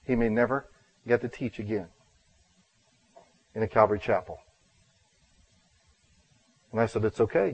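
A man preaches from the pulpit in an earnest storytelling manner, acting out each line of dialogue and poking fun at himself. His voice sits at an ordinary middle pitch and swells to loud, emphatic bursts. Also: muffled recording. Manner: earnest, self-deprecating storyteller who acts out dialogue. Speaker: pastor. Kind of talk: storytelling sermon.

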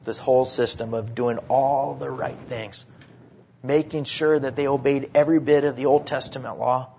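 A man preaching a sermon, swinging between hushed, drawn-out phrases and sudden emphatic bursts. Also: mid-range voice, a little hiss or hum. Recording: dull lo-fi sermon recording.

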